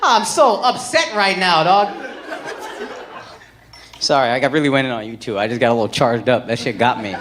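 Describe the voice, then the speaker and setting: A male stand-up comedian doing brash, profane crowd work on a comedy club stage, swinging from teasing to shouted mock outrage. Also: medium pitch, expressive, fairly quick, pauses often, slight background noise. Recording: roomy club sound with loud crowd laughter. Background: crowd laughter.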